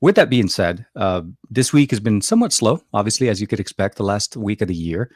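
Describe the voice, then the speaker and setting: Man, co-host, casual chat, low pitch, rambling with fillers, dry sound. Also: sing-song, fairly quick, darkish tone, breathy edge, no echo. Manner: rambling, many fillers and restarts.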